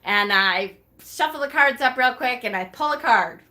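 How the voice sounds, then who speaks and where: A woman vlogger recounts her day in a relaxed, lively manner, laughing a lot and acting out how she reacted. Her voice is fairly high and her pace is normal.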